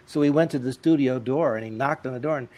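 A man telling lively, comic anecdotes as an interview guest. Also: medium pitch, fast. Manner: lively, animated, comic timing. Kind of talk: anecdotal storytelling.

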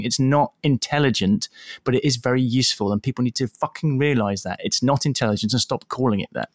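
A man co-hosting a podcast, talking casually and forcefully, with strong opinions and swearing. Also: mid-range voice, quick pace, dry recording, clean studio sound. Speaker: podcast co-host. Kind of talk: casual chat.

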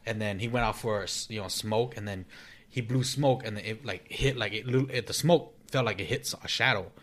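A man's voice: on the low side, a little fast, fairly bright tone. A man co-hosting a casual podcast, telling a creepy story with laughs and slang. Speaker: podcast co-host. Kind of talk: casual chat.

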